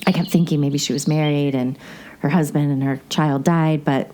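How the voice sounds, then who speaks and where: A podcast host with a low voice and fairly even intonation speaks at a moderate pace over a noisy background. She recaps a movie in a rambling, chatty way, wandering into many asides.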